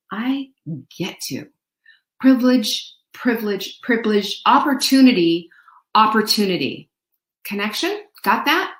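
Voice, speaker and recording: A woman with a fairly high voice hosts an upbeat motivational show, speaking playfully and chattily to her viewers. She breaks into bits of song and mimicked voices, and the recording has a roomy sound.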